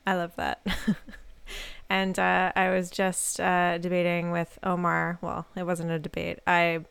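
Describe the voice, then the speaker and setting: A woman's voice: fairly low pitch, monotone, a little slow, vocal fry, fairly bright tone, clear, resonant tone, no echo. A young woman radio DJ chatting playfully between songs, laughing easily as she talks into a studio microphone.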